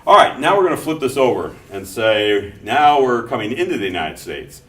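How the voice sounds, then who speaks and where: A middle-aged man teaching a class in a relaxed, conversational way, mixing personal stories into his explanations. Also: medium pitch, moderate pace. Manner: conversational, telling anecdotes between explanations. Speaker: instructor. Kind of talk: classroom lecture. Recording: echoey classroom from far off, faint noise.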